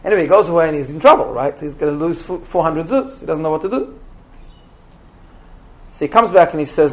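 A man tells a story in a lecture, with an animated, chatty delivery. He often repeats words and checks in with his listeners. His voice is high for a man. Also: brisk, pauses often.

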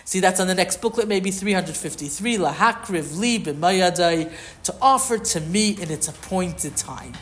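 A woman's voice: fairly low pitch, expressive, normal speed. A woman teaching a Torah class to a group, reading verses and translating them line by line in a conversational way. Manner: conversational, explains with questions.

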